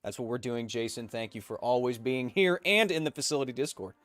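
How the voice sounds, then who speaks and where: A man in his thirties with a mid-range, slightly bright voice hosts a casual live stream with no room sound. He reads viewer chat messages aloud, jokes with quick asides between them, and has coughing fits.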